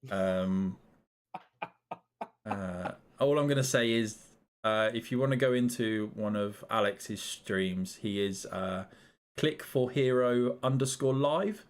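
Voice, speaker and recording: A man's voice: on the low side, slow. A British man hosting a casual gaming podcast, easygoing and chatty, with frequent ums. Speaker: podcast host.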